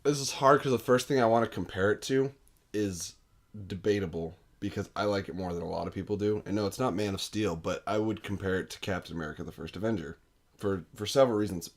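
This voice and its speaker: A young man chatting about a film on a podcast, his fairly low voice jumping up whenever he acts out a scene. He talks with eager enthusiasm and rambles into little rants. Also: fast talker. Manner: enthusiastic, acts out quotes with big pitch jumps. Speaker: podcast co-host. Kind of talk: casual movie review chat.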